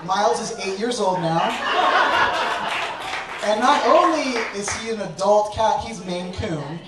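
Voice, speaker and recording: A man telling a personal story on stage to a live audience, with an animated, self-mocking comic delivery. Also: high voice, measured pace, very noisy. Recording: echoey hall, distant mic, audience laughter.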